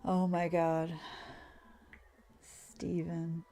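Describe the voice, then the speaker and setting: Woman, gaming vlogger, chatty, exclamatory, casual play-by-play, mid-pitched voice. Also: a little mellow. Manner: chatty and exclamatory, quick laughs. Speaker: gaming channel host. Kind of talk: casual gameplay commentary.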